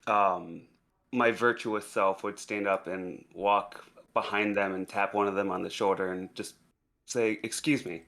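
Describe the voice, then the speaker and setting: Calm low-voiced male player. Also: unhurried, creaky. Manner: calm, composed in character. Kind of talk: tabletop role-play.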